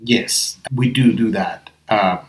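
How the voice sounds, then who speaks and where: Speaking slowly in a lowish voice, this co-host of an improv podcast thinks out loud with earnest reasoning and a few restarts. English isn't his first language, and the casual discussion takes place in an echoey room.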